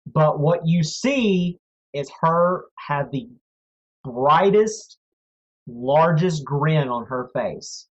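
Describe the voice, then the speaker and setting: A man narrating as game master of a tabletop game, telling the story in a slow, measured way. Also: fairly high pitch, slightly rough. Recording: dull lo-fi audio, faint music.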